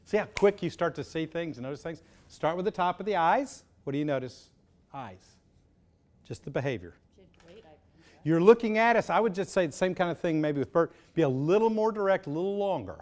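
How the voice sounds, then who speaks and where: A man coaching speakers in a live public speaking workshop, brisk and encouraging, giving direct feedback. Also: a little high. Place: seminar room. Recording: echoey room, faint background noise.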